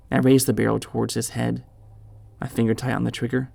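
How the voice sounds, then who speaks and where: A man reading a horror story aloud in measured, dramatic scripted narration. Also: medium pitch, little pitch movement, gravelly, darkish tone, dry recording, soft background music.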